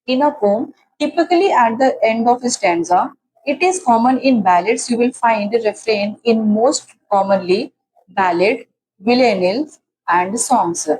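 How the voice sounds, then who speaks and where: A woman's voice: on the high side, expressive, a little slow, a little mellow, husky, rough recording. A woman teaching literary terms in an exam-prep lecture, restating each definition several times with fillers and restarts. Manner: explains by repeating definitions.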